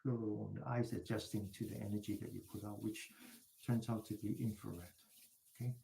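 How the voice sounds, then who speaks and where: A man calmly talking a group through self-massage, step by step, sometimes whispering softly. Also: fairly low pitch, fairly quick, vocal fry. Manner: calm step-by-step directions, drops to a soft whisper for repeated words. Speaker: mindfulness instructor. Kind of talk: guided self-massage instruction. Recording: echoey room.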